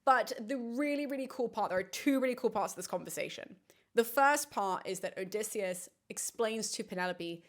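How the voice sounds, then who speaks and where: Enthusiastic woman analysing a film. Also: on the high side. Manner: animated, quick asides, acts out characters' lines. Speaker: classicist host.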